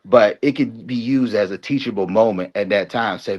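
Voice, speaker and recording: A man's voice: on the low side, moderate pace, hardly any pauses. A man explaining his view in a casual discussion, often tagging his points with "right?". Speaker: panel guest. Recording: dull lo-fi sound.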